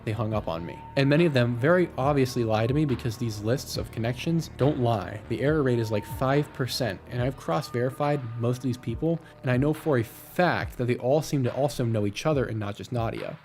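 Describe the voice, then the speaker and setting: A man's voice: mid-range voice, a little mellow. A man narrating his own video and making phone calls, earnest and a bit confrontational.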